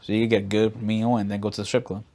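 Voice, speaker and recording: Rambling, profane low-voiced man. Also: level tone, very fast, warm tone, a little hiss or hum. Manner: profane, rambling storytelling with many fillers. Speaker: podcast co-host. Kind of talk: casual chat.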